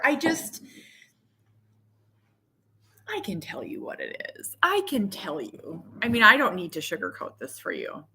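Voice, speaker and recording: A woman in her thirties chats straight to camera about family life in a frank, unfiltered way. Her voice is bright and clear, and she often pokes fun at herself, with plenty of fillers along the way. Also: on the high side, wildly swooping pitch, slow pace, long pauses. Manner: frank, chatty and self-mocking, with laughs and fillers. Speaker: mother and vlogger. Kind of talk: casual candid chat to camera.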